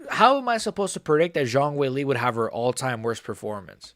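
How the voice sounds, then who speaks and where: A man's voice: medium pitch, big pitch swings, brisk, a bit bright, dry recording, clean studio sound. A man streaming a live fight reaction, ranting angrily and swearing, rambling with frequent restarts. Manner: angry, profane ranting. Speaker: MMA streamer.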